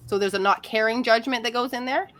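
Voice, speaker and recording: A woman's voice: fairly high pitch, fast, fairly bright tone. A woman relationship coach talking candidly and animatedly in a casual podcast conversation, laughing often.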